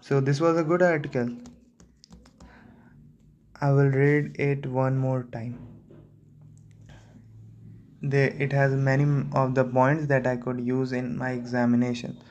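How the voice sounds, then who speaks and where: A young man, reading a newspaper editorial aloud slowly and correcting himself often. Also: medium pitch, little pitch movement, a little mellow, dull audio, a little hiss or hum. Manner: slow, deliberate reading with frequent self-corrections. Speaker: student practicing reading.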